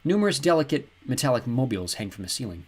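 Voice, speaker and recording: A man reading a novel aloud as an audiobook narrator, in an even, descriptive storytelling manner. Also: mid-range voice, fast, husky. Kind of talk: scripted narration.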